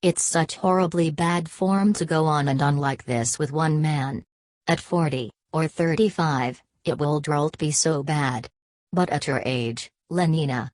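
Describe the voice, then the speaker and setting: A woman's voice: low-pitched, measured pace, a little mellow, no echo. A woman reading the lines of a sensible young woman who lectures her friend with disapproval, in an audiobook. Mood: lecturing.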